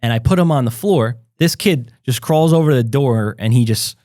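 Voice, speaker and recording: A man's voice: medium pitch, normal speed, mellow, no echo, clean studio sound. A young man co-hosting a podcast, telling a long story casually, full of "like" and acted-out quotes. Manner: rambling, filler-heavy, acts out quotes. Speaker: podcast co-host.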